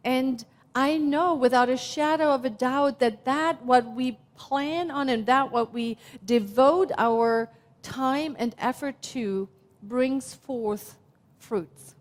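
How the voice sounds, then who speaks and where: Slow, reflective German-accented woman preacher. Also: high-pitched. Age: 50s. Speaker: minister. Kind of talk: sermon. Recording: long hall reverb.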